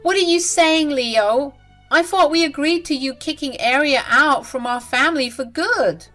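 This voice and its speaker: A woman voicing a scheming, spiteful mother-in-law who talks in a shrill, indignant way. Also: very animated, moderate pace, fairly bright tone, faint music behind. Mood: shrill disbelief.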